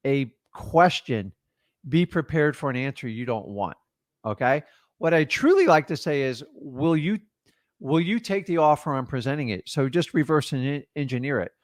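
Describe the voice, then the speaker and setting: A man coaching beginners in real estate wholesaling, talking straight to the viewer in short, emphatic bursts and acting out quick seller and caller exchanges. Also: fairly high pitch, no room sound, clean studio sound. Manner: punchy, emphatic, talks straight to the viewer with quick rhetorical questions. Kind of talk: direct-to-camera teaching talk.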